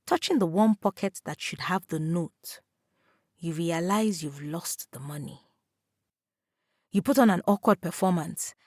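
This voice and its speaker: Slow, calm woman narrating. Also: mid-range voice, no room sound, studio quality. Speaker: storyteller. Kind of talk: second-person story narration.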